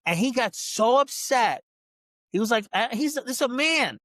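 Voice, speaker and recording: A man's voice: extremely high pitch, lively intonation, normal speed, sharp tone, dry recording. A man who works as a dog trainer, a podcast guest telling a story in casual talk, full of restarts, who acts out other people's lines. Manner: frequent restarts and repeated words.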